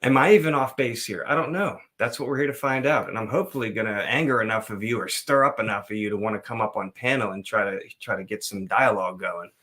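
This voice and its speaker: A man hosting a casual live stream, chatting loosely and reading scripture slowly and dramatically. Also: on the low side, pushed and bright, breathy edge. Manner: loose, rambling, playful.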